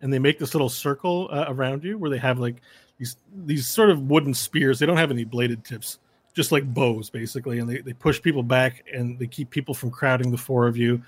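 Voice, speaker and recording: A man narrating a tabletop game as game master, telling the story slowly and dramatically. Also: mid-range voice, breathy edge, dry recording.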